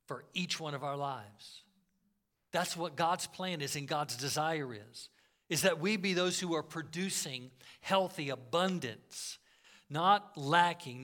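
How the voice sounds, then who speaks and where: Bright, high-voiced preaching man. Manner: earnest preaching, swings between loud emphasis and soft asides. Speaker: pastor. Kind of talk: sermon.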